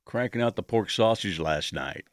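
Rambling crude man, lowish voice. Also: animated, moderate pace, dry recording, studio quality. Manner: rambling, crude, laughs often. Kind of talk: casual banter.

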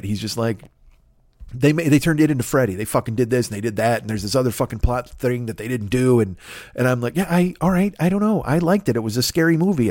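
In a clean studio recording with no room sound, a middle-aged podcast host with a medium-pitched voice rambles through a comedic rant. He swears constantly and keeps jumping into exasperated outbursts.

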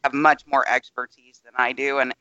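A man co-hosting a podcast, explaining political news in a measured, careful way with some hesitations. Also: mid-range voice, level tone, bright, forceful tone, dry recording, muffled recording. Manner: measured, explanatory, hedging with ums. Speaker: podcast co-host. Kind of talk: casual political chat.

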